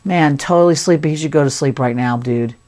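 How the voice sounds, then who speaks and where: A woman's voice: low voice, brisk, darkish tone. A woman giving a casual, playful sculpting tutorial, chatting as she works. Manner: chatty, playful, talks while working. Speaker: sculpting instructor.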